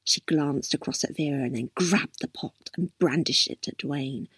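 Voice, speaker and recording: A woman narrating a story aloud, unhurried and expressive. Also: deep voice, slightly rough, dry recording, studio quality.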